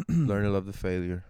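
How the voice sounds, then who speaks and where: Low-voiced comedian rambling on a podcast. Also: male voice, warm tone, clean tone, dry recording, clean studio sound. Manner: rambling, frequent restarts and cursing. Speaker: stand-up comedian. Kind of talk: casual podcast chat.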